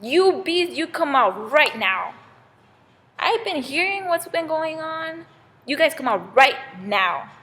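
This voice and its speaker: A woman's voice: a little high, animated, measured pace, gravelly, fairly bright tone, husky, exaggerated voice. A woman playing a stern king of the gods. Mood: scolding. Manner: scolding, firm. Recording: long reverb in a hall.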